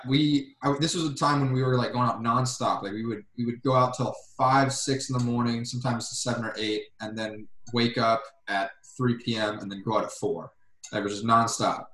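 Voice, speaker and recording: Brief: mid-pitched man, laid-back storyteller, echoey room. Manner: relaxed, hesitant with fillers. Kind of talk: casual storytelling chat.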